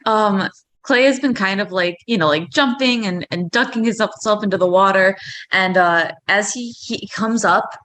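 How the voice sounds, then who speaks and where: A woman player in a tabletop game, telling her character's actions haltingly and with giggles. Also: mid-range voice, a bit bright. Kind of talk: casual tabletop play.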